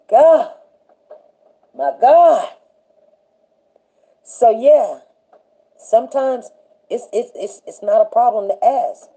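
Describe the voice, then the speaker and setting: A woman hosting a relaxed faith-themed livestream who talks in an animated, chatty way and laughs often. Her voice sits high but sounds warm and mellow rather than bright. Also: slow, long pauses, slightly rough. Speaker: livestream show host. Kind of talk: casual faith chat with a live chat.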